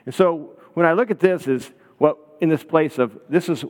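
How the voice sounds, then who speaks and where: A man's voice: on the high side, normal speed, a little mellow. Man preaching a sermon in a reverberant hall. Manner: conversational, storytelling, checks in with listeners. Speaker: pastor.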